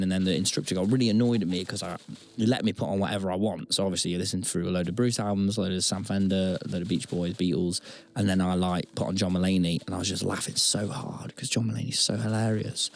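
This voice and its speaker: Low, creaky, and steady in tone, this young man talks fast. Co-hosting a podcast, he shares stories in loose, self-mocking rambles with dramatic bursts, all in a casual storytelling chat.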